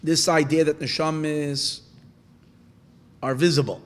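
A man with a fairly high, steady voice teaches a Torah lesson by way of a story. His speech is halting and full of restarts, and he poses questions only to answer them himself.

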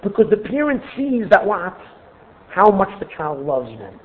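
A man with a high voice gives a spoken teaching and lays out his points step by step. He stops to ask himself rhetorical questions before he answers them. The audio is thin and tinny, like a phone line. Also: very animated, normal speed, slight background noise.

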